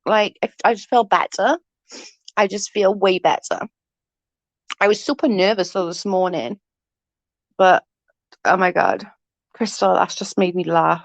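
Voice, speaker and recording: A woman's voice: medium pitch, creaky, dry recording. A woman in her forties chatting casually with viewers on a livestream, laughing often and swearing freely as she rambles. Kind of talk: casual live chat. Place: at home. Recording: dull, dry lo-fi sound.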